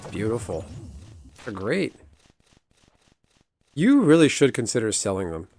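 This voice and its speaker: A man's voice: fairly low pitch, big pitch swings, a little slow, darkish tone. A young adult man streaming a game, chatting casually with wry, rambling asides to his viewers. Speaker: gaming streamer. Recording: music playing underneath.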